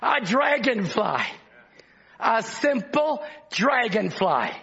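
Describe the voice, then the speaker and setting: Man preaching, high and bright, shouting then chatty, dull lo-fi recording. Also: very animated, slow, vocal fry, husky. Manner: fervent, often shouting, then dropping low and chatty. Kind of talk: sermon.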